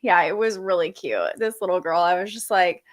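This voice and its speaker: A woman's voice: fairly low pitch, expressive, fairly quick. A young woman hosting a casual astrology livestream, chatting and reading viewer comments aloud, a bit sleepy.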